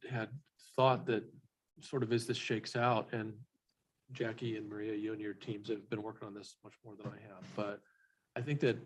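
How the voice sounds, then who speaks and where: A man speaking as a commission member in a meeting, measured, reasoning aloud. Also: fairly low pitch, low-quality recording. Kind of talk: meeting discussion.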